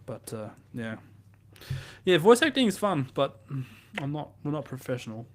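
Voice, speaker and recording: A man co-hosting a podcast in casual chat, jokey and animated, often quoting cartoons. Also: fairly high pitch, moderate pace. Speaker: podcast co-host.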